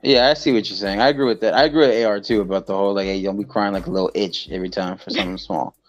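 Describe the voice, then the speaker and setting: A man's voice: on the low side, fairly even intonation, racing, faint music behind. A man co-hosting a podcast, chatting casually and teasing the others with jokes. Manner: joking, teasing. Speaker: podcast co-host. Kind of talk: casual chat.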